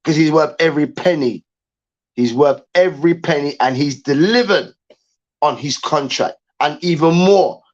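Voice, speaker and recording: A man hosting a sports show, ranting in an animated, emphatic way and repeating himself. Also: a little high, moderate pace, dull audio. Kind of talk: heated sports rant.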